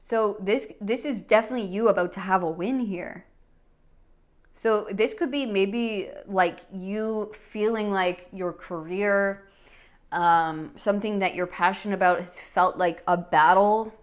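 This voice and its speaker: A woman's voice: mid-range voice, measured pace. A woman giving a pick-a-card tarot reading, talking in an earnest, emotional way with many fillers and restarts. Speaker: tarot reader.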